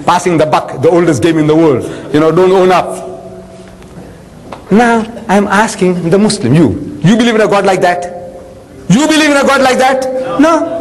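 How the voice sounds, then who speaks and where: A man's voice: high voice, a little hiss or hum. An older man giving a religious lecture, telling stories with humour and acting out the dialogue. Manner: lively storytelling, acts out dialogue with humour. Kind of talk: lecture to an audience. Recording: long reverb of a hall.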